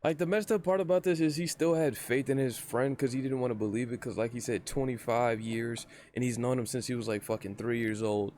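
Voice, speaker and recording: A man's voice: medium pitch, steady tone, fairly quick, few pauses, a little mellow, slight background noise. A young man reacting to a story clip, talking plainly to his viewers in casual commentary. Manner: plainspoken, talks straight to viewers. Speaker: reaction streamer.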